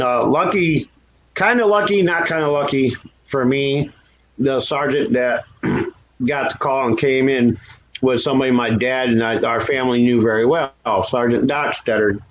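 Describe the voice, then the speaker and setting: A man chatting casually and candidly about his past, laughing at himself and lifting his voice when acting out what others said. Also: muffled recording. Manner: candid and self-deprecating, laughs at own story; raises pitch to act out quoted voices. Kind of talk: casual chat.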